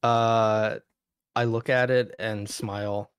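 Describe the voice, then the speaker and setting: A man chatting casually as a guest, with deadpan, drawling jokes. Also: on the low side, takes it slowly, smooth, no echo. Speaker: guest streamer. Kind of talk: casual chat.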